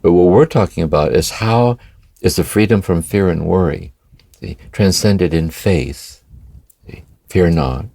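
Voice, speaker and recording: An older man co-hosting a spiritual podcast from his home by the ocean speaks in a meditative, reflective way, often asking "see?". His low voice is gravelly and mellow at a measured pace, captured in a dry recording.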